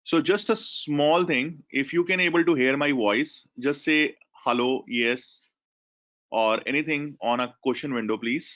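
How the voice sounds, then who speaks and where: A man's voice: medium pitch, measured pace, a bit bright. A man with an Indian English accent who coordinates an online class, explaining the controls and thanking attendees by name. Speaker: webinar coordinator. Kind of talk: online class host instructions. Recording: dull lo-fi webinar audio.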